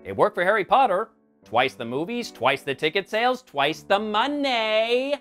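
A man's voice: sits high, big pitch swings, a little fast, a bit bright, soft background music. A man hosting a scripted comedic film commentary, with sarcastic, wry asides. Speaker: film review host.

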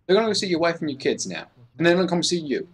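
A man's voice: a little high, very animated. A man playing a police interrogator in an online game role-play, taunting and repeating himself as he presses for information. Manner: taunting, repetitive, quick-talking interrogator.

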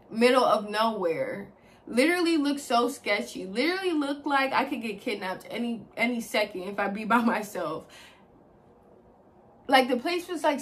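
A young woman with a fairly high voice recounts a personal story in a loose, conversational vlog style. She is expressive and chatty, calls her viewers y'all, and drops the odd curse word along the way. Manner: chatty and expressive, addresses viewers as y'all, swears freely, heavy use of like. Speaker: vlogger. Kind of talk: casual storytime chat.

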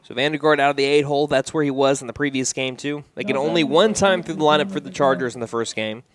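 A man calling a high school baseball game on local radio, steady and conversational, with his voice jumping up on strikeouts and big plays. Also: fast talker. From United States. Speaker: play-by-play radio announcer. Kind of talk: baseball play-by-play commentary.

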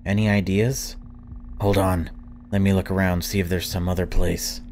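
A man playing a horror game and commenting in a hushed, jumpy, casual way, sometimes swearing. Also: sits low, flat delivery, normal speed, slight background noise. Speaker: let's-play gamer.

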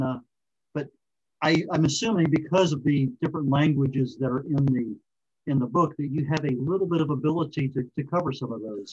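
A man's voice: a little high, darkish tone, slightly rough, lo-fi sound. A man hosting an interview, chatty and telling stories, over a video call. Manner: chatty, storytelling. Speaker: interview host. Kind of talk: casual interview talk.

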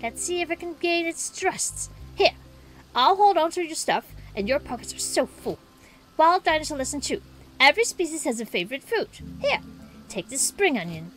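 A woman voicing a cheerful, eager dinosaur researcher from a video game, reading the lines aloud with bubbly excitement. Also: high voice, moderate pace, soft background music.

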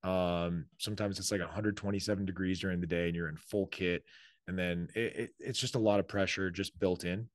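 Low-voiced man in casual interview talk. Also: fairly even intonation, fairly quick, no room sound. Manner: conversational, many fillers, acts out quoted orders. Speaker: author and army leader, podcast guest.

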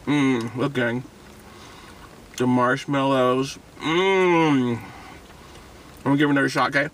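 Male food vlogger, excitable and rambling, very animated pitch, bright tone. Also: slow, long pauses, far from the mic, a little hiss or hum. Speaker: food reviewer. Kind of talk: casual food review vlog.

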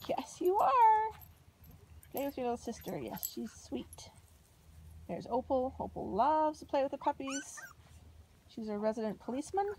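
A woman's voice: on the high side, warm tone, slight background noise. A woman filming her puppies outdoors in a field, narrating casually and cooing to them in baby talk, recorded on a handheld camera. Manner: coos and sing-songs to the puppies. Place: outdoors in a field by a puppy pen.

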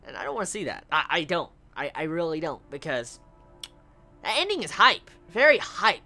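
A woman's voice: low-pitched, sing-song, normal speed, pushed and bright, soft background music. A woman reviewing an anime episode in a casual video rant, exasperated, swearing often and stammering over repeated words.

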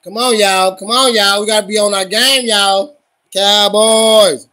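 A man livestreaming his reactions to a football game, loud and profane, cheering on and scolding his team. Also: sits high, fairly even intonation, unhurried. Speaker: livestream host.

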